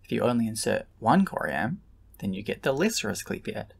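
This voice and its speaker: Male narrator for a lesson video, gravelly and a bit husky, steady and explanatory. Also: lowish voice. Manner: calm, measured explanation. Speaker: lecturer.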